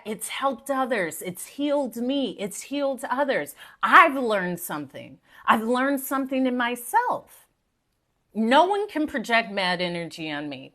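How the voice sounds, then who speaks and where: Animated high-voiced woman, live-stream pep talk. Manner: animated, preachy and playful, talks to viewers directly. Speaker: motivational speaker and live-stream host.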